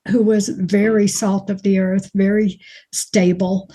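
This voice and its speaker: A woman from Alabama with a mild Alabama accent, chatting as an actress guest in an interview, folksy and quick to laugh. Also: medium pitch, little pitch movement, warm tone. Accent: mild Alabama Southern. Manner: folksy, chatty storyteller who laughs easily. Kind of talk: casual interview chat.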